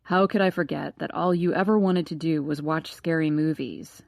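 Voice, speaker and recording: A woman's voice: low voice, steady tone, normal speed, gravelly, a little mellow, dry recording, clean studio sound, voice pushed down. A woman voicing a teasing, theatrical teenage boy. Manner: teasing, dramatic, wheedling. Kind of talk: audiobook character voice.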